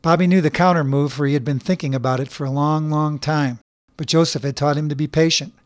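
A man reading a short story aloud in a measured, even storytelling manner. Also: a little high, no room sound, studio quality. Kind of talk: scripted narration.

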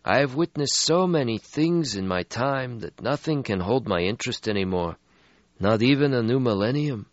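A man voicing a weary, melancholy ancient male vampire in an audiobook, speaking slowly and mournfully. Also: medium pitch, lively intonation, dry recording, voice pushed up, natural voice. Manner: slow, mournful, world-weary. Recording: slightly muffled lo-fi audio.

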